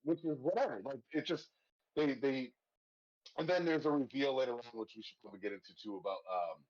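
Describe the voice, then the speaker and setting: A man's voice: medium pitch, fast talker, darkish tone, muffled recording. A man hosting a casual horror movie discussion, talking in a rambling, profane way and laughing often. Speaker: podcast host.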